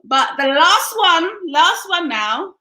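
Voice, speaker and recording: Bright high-voiced woman in an echoey room. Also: sing-song, slow pace. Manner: upbeat, teasing, laughs often. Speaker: interview host. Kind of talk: casual interview chat. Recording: roomy echo.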